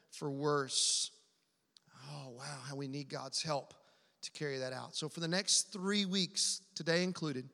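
A man preaching a sermon to his congregation, animated and drawing the crowd into call and response. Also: high voice, big-room sound. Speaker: pastor. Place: church hall.

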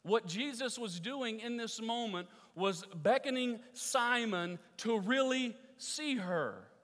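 A man preaching a sermon as pastor, earnest, repeating key phrases and dropping soft for emphasis. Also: very high-pitched, animated, takes it slowly. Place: church sanctuary. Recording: long reverb of a church hall.

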